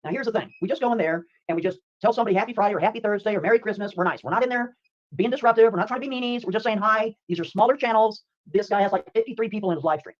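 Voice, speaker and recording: A man hosting a livestream, chatting rapidly and upbeat with frequent laughs. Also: high voice, lo-fi sound. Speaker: livestream host. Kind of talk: excited livestream chat. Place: home streaming room.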